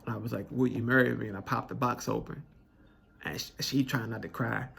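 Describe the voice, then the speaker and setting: A man's voice: medium pitch, fairly even intonation, a little fast, vocal fry, fairly bright tone, slight background noise. A man, telling a personal story in an earnest, conversational way with many restarts, choked up with emotion. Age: 20s. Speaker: vlogger telling his proposal story.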